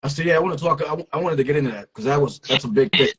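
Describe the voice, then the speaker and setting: A man hosting a casual interview who talks in a rushed, stammering way, restarting his sentences. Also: a little high, slightly rough. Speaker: podcast host.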